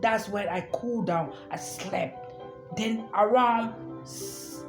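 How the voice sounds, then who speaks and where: A woman's voice: mid-range voice, slow. A woman telling a personal story in a casual, repetitive and emphatic way. She often stops to ask the listener "understand?". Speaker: storyteller recounting her own experience. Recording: echoey room with faint music.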